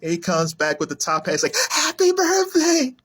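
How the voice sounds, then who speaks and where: A man chatting casually on his own, animated and laughing often, sometimes popping into silly high voices. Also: quick pace. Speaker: video creator. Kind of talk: casual solo chat to camera.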